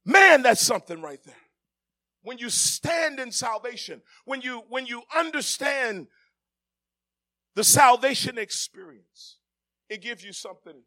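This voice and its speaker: A middle-aged male pastor, preaching a sermon that swings from soft, joking asides to the congregation to shouted climaxes. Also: sits high. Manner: jokes with the congregation, laughing.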